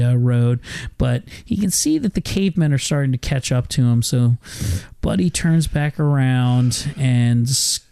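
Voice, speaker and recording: A man's voice: medium pitch, creaky, dark tone, smooth. A man casually recapping a film on a podcast, rambling and joking with lots of profanity. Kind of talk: casual chat.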